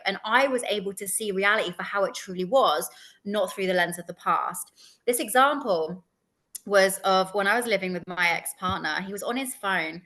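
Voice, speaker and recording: A woman's voice: mid-range voice, pushed and bright. A woman co-hosting a spiritual lesson, candidly telling a personal story. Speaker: co-host.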